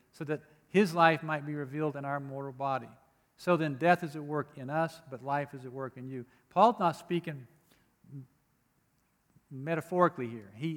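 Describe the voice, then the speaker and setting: A pastor preaches a sermon in a slightly high, fairly bright voice, earnest and emphatic with rising bursts on key phrases. Between readings he adds occasional light humor, and a long hall reverb fills the recording.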